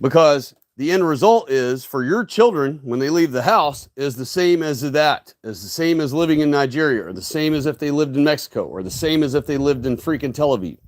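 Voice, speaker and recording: A man's voice: fairly high pitch, lively intonation, fairly quick, few pauses, no room sound. A man hosting a solo livestream, delivering a preachy, emphatic rant full of tag questions like "okay?" and "right?". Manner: ranting, preachy, emphatic lecturing. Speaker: livestream host.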